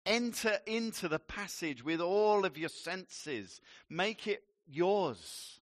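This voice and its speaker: A male pastor delivering a sermon in a bright, forceful voice. He moves slowly and leans on each word with emphasis, and drops in playful asides. His voice sits a little high for a man. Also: no echo, studio quality.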